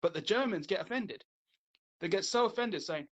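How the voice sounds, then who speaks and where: A man's voice: sits high, animated, moderate pace, fairly bright tone, highs cut off. A man, hosting a podcast in casual chat, rambling through a retold comedy routine with lots of fillers and restarts. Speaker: podcast host.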